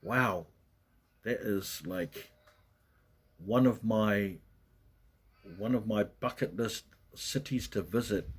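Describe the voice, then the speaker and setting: Husky-voiced man chatting live. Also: lowish voice, takes it slowly, long pauses. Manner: chatty, rambling, greets viewers by name. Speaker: livestream host. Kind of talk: casual live chat. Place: at home in Western Australia.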